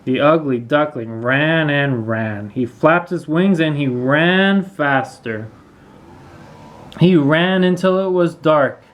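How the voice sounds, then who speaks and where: A man reading a children's storybook aloud, clear and expressive. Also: a little high, takes it slowly, low-quality recording. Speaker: storybook reader.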